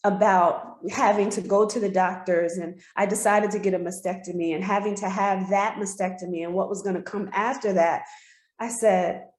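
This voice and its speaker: An interview guest, this woman speaks sincerely and from the heart about something personal. Her voice is middle-pitched, steady in tone, a little mellow, and at a normal pace. She's recorded in an echoey, reverberant room.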